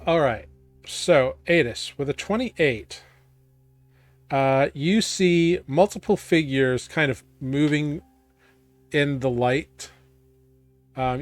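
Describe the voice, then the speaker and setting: Slow, halting man running a tabletop game. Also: a little high, no room sound, faint music behind. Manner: halting, full of "um" and "like" while describing scenes. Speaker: game master.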